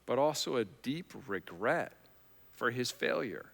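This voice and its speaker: A man delivers a conversational sermon and slips into acted-out quotations that build to near shouts. His voice is bright and forward. It rings with the long reverb of a large church hall. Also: mid-range voice, very animated, measured pace, gravelly. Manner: conversational preaching, acts out Bible quotes with rising intensity. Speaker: pastor.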